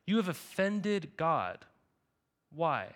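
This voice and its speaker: A young man preaching a sermon in a loose, chatty way, as though talking with friends. His voice sits a little high for a man. He keeps tagging his sentences with "right?" and "okay?". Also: very animated, very slow, fairly bright tone. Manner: casual, conversational preaching with frequent "right?" and "okay?". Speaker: pastor.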